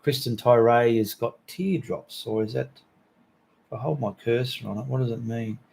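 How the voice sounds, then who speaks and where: A man's voice: medium pitch, moderate pace, vocal fry, darkish tone, breathy edge. A middle-aged Australian man hosting a live stream, reading out viewers' chat messages in a chatty, joking way full of Aussie slang.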